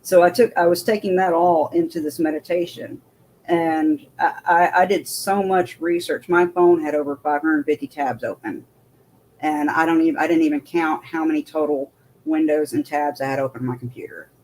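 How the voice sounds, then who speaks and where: A woman's voice: sits low, fairly even intonation, moderate pace, a little mellow, a little hiss or hum. A woman, a military veteran, telling her story as an interview guest in a rambling way with many restarts.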